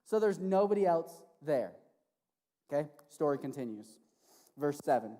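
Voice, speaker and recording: A man preaching as a youth pastor to teenagers, casual and animated, often checking in with "right?". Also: fairly high pitch, moderate pace. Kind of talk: sermon to teenagers. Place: church hall. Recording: long reverb of a large hall.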